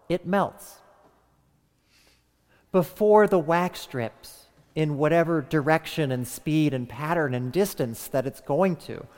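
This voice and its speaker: Guy doing a joke science lecture, slow and swoopy, kinda high voice, long reverb hall sound. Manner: theatrical, crude deadpan asides to listeners. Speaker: podcast host. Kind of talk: comic mock lecture.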